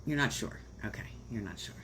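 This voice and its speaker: An astrology reader on a livestream speaks in an extremely low-pitched, animated voice, a little fast, over a noisy background. She talks casually and warmly with plenty of fillers, growing emotional about her viewers.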